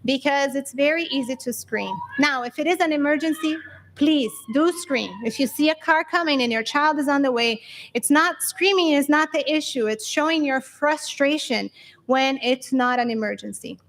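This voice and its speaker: Woman w a high voice giving a church talk, earnest n practical, lots of examples. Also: moderate pace, fairly bright tone. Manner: earnest, practical, acts out talks with her children; explains with examples and rhetorical questions. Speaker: church speaker giving parenting advice.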